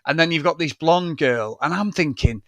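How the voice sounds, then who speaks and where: A man co-hosting a casual film-review podcast, talking in an excitable, sweary way and laughing often. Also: a little high, moderate pace, no echo. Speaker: podcast co-host reviewing films. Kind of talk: casual chat.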